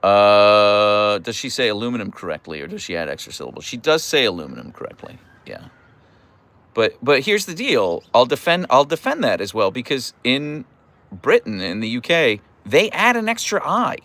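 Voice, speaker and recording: A young man hosting a casual live stream and answering chat in a playful, animated way, with mock outrage and stammered restarts. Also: mid-range voice, moderate pace, no echo. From United States. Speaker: livestream host reading chat.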